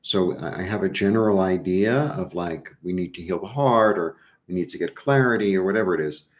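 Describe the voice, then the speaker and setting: A middle-aged man chatting casually through a live tarot reading, rambling with animated asides. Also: low-pitched, a little fast. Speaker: tarot reader.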